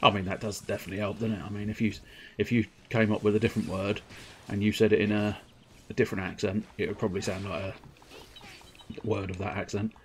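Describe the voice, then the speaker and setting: A man's voice: fairly low pitch, little pitch movement, fairly quick, a little hiss or hum. A man giving rambling, jokey, self-mocking commentary while he plays on a live stream. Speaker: game streamer.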